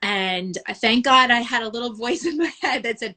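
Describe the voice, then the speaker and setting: A woman's voice: fairly high pitch, lively intonation, normal speed, bright, forceful tone. A woman talking openly as an interview guest, emotional and frank, often laughing and quoting her own thoughts. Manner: open and emotional, laughs often, quotes herself. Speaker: guest, photographer. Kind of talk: candid interview talk.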